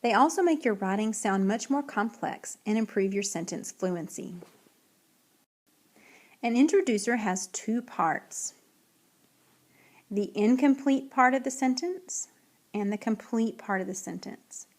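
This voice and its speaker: A woman teacher giving a recorded writing lesson, reading example sentences slowly and clearly. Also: a little high, animated.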